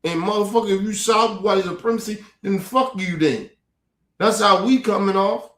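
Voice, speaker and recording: A man's voice: high voice, normal speed, fairly bright tone. A man streaming a heated, profane commentary rant, repeating his points with fired-up force. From United States. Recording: roomy echo.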